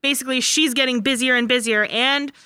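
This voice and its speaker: High bright chatty young woman. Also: steady tone, fairly quick, clean tone, no echo. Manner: chatty, frank, acts out characters' lines. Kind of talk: casual chat recapping a show.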